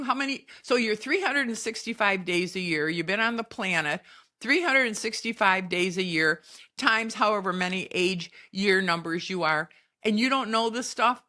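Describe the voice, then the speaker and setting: Bright-voiced woman lecturing emphatically. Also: mid-range voice. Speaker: podcast host. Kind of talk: spiritual advice monologue.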